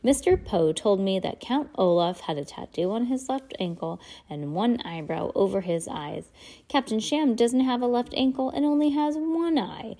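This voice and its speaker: Storybook read-aloud: a prim, fretful elderly widow, put on by a woman reader. Warm, mellow tone. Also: fairly high pitch, animated, normal speed, voice pushed up. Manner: prim, fretful and easily flustered. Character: fussy nervous elderly widow.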